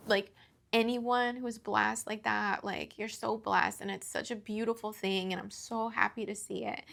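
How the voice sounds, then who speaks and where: A woman in her thirties talks through a personal confessional vlog, halting and full of fillers, close to tears. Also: medium pitch, vocal fry, a bit bright. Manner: halting, full of fillers and restarts, tearful at times. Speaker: vlogger.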